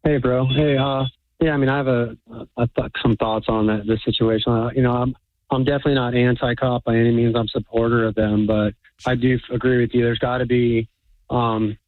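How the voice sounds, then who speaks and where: A man's voice: mid-range voice, little pitch movement, brisk, dry recording. A worked-up man calling in to a radio show, stumbling over his words and apologizing. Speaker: caller. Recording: tinny phone line.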